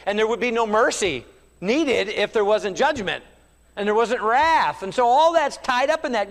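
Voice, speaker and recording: A man's voice: very high voice, a bit bright, long reverb tail. A man preaching a sermon with fervent rhetorical questions and acted-out quotes. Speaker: pastor.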